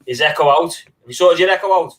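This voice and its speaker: A man's voice: fairly high pitch, fast talker, fairly bright tone, slight background noise. A man hosting a casual livestream, bantering in a friendly, matey way and swearing now and then. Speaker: livestream host.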